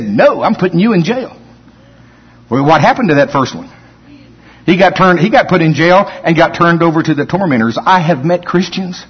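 A man's voice: on the high side, husky. A man preaching a sermon, telling stories with acted-out quotes and frequent laughs. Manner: animated storytelling, acts out quotes, laughs often. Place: church hall. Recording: muffled hall recording.

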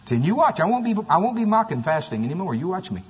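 A man preaching a sermon, animated and storytelling, with exclamations and asides. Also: high voice, fast, slightly rough. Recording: echoey hall, dull sound.

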